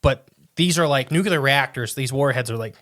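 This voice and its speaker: A man co-hosting a casual podcast, chatting in a rambling way and reading quotes aloud haltingly. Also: medium pitch, fairly bright tone, no echo, clean studio sound. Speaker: podcast co-host.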